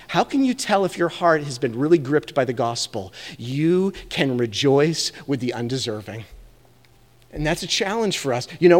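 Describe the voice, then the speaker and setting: A man's voice: fairly high pitch, long reverb tail. A man preaching a sermon as pastor, earnest and conversational, asking his listeners questions. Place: church sanctuary.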